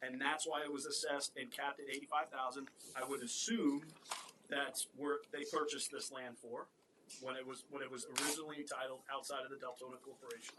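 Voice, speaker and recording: A male county commissioner explaining his position in a measured way at a board meeting. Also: mid-range voice, fairly even intonation, background noise. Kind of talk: public meeting debate.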